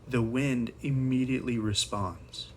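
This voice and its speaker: A man's voice: mid-range voice, fairly even intonation, unhurried, a little hiss or hum. A man teaching Sunday school, retelling a Bible story in a casual, conversational way with slangy asides.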